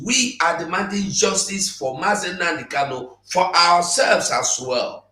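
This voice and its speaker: A Nigerian man giving an impassioned address, repeating himself and hesitating before growing forceful. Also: a little high, roomy sound, rough recording. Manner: repetitive, hesitant with fillers, then forceful. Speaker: guest speaker. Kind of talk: impassioned address in an online broadcast.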